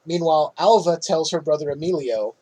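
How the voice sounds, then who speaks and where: A man hosting a podcast, casually recapping a film's plot in an animated way and laughing often. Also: a little high, a little hiss or hum, poor audio. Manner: animated retelling, quick laughs. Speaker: podcast host.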